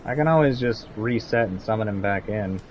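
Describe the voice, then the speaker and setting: Talking briskly in a fairly low, somewhat mellow voice, a young man offers casual gameplay commentary while streaming, chatting with his audience and encouraging his in-game partner. A little background noise can be heard.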